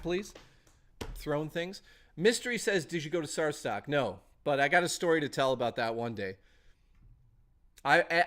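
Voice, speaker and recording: A man's voice: fairly high pitch, a bit bright. A man streaming casually, rambling and chatting and reading out messages from his chat.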